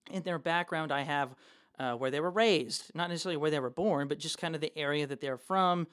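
A man's voice: on the high side, a little fast, fairly bright tone, clean tone. A man co-hosting a podcast as a game master, rambling casually and swearing freely. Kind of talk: casual chat.

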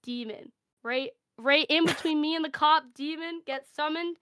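A woman's voice: sits high, moderate pace, no echo, clean studio sound. Brash woman spinning a crude comic tale. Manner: brash, deadpan, swearing freely. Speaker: panelist. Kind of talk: improvised comic storytelling.

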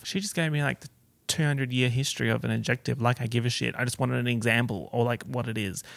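A young Australian man telling a story to camera in a chatty, gossipy vlog style, full of fillers and sudden excited outbursts. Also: fast, vocal fry, dry recording. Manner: animated, gossipy, lots of fillers and sudden high exclamations. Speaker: YouTuber.

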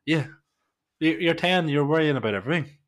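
A man's voice: a little high, animated, fairly quick, crowd noise. Young Northern Irish man, podcast co-host; loose, sweary, storytelling banter. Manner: swears freely, banters and tells vivid stories. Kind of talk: casual chat.

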